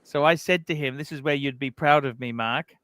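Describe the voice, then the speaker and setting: A man's voice: mid-range voice, fairly quick, a bit bright, dry recording. A man hosting a casual livestream, animatedly retelling a feud. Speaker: livestream host.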